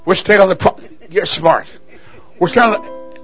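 A man preaching a fervent sermon at a church service, shouting and rousing the congregation with call-and-response. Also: high voice, takes it slowly, creaky, long pauses, soft background music.

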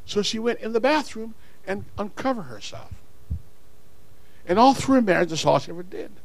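A man preaching a sermon, swinging from quiet, low asides to shouted calls to the congregation. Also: expressive, moderate pace, gravelly, no echo. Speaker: pastor.

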